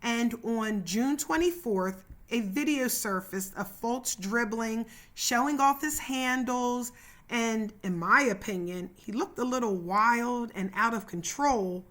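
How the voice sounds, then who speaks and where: A woman's voice: fairly high pitch, slow, a bit bright. A woman hosting her own podcast, narrating a scripted story in a chatty way and calling her listeners "y'all". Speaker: podcast host.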